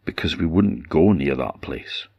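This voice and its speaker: A Scottish man voicing a nervous male undertaker's lad in a spoken folk tale, talking in a hushed, uneasy way. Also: rumbling low, expressive, a little slow, gravelly, breathy edge, dry recording, dull audio, full character voice.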